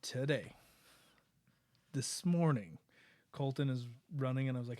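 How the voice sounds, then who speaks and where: Male co-host, relaxed dad, casual anecdote, dry close sound. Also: medium pitch, measured pace, no echo. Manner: relaxed storyteller, laughs often. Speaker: father. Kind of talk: casual chat.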